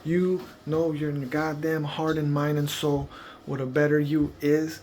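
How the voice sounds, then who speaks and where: A man's voice: on the high side, little pitch movement, unhurried, a little mellow, slight background noise. A man giving casual, profanity-heavy parenting advice in a rambling, laid-back vlog monologue. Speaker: parenting vlogger.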